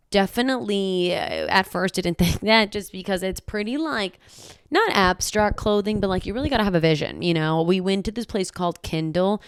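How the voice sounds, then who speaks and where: A woman from the United States chatting in a casual travel vlog, loud and outspoken, with a lot of "like". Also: fairly low pitch, clear, resonant tone, dry recording, clean studio sound. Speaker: vlogger.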